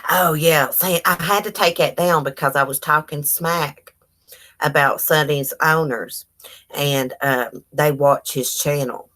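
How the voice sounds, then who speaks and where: A woman's voice: low-pitched, measured pace. Chatty woman telling stories. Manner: chatty, animated storytelling with quoted dialogue. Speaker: livestream host. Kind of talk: casual livestream chat.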